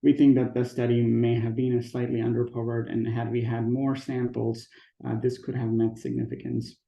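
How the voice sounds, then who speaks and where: A man giving an academic research presentation at a conference, pausing often on fillers and restarting phrases. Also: mid-range voice, monotone, creaky, mellow, roomy sound, poor audio. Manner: hesitant, frequent fillers and restarts. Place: conference talk, recorded remotely.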